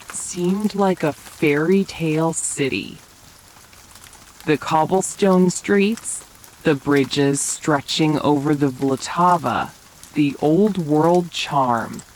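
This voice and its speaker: A woman telling a romantic bedtime story in a soft, whispered role-play. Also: deep voice, slight background noise, rough recording. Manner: slow, soft bedtime narration. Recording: faint rain sounds behind.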